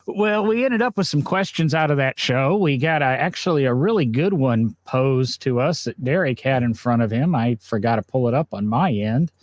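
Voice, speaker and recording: A man's voice: medium pitch, lively intonation, normal speed, hardly any pauses, no room sound. A man co-hosting a casual podcast, chatty and often laughing as he talks. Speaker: podcast co-host. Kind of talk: casual chat. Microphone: video call with green screen.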